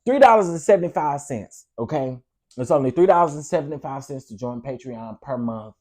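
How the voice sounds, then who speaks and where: Animated man hosting a live stream. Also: medium pitch. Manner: animated, preachy, addresses viewers as y'all. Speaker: host. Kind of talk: casual live-stream chat.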